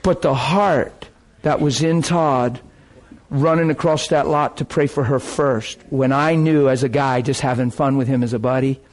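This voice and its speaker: A man preaching through an animated, emotional story, often laughing as he tells it. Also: mid-range voice, moderate pace. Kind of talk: storytelling sermon.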